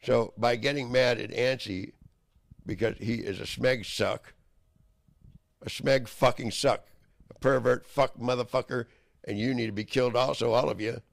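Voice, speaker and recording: A man delivering a heated, rambling monologue, profane and swinging into loud outbursts. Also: mid-range voice, steady tone, normal speed, vocal fry. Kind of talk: angry ranting monologue.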